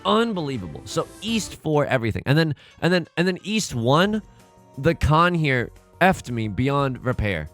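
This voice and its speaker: A man's voice: a little high, very animated, normal speed, fairly bright tone, faint music behind. A man hosting a let's play, talking through his game in an exasperated, stammering, self-mocking way. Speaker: gaming channel host.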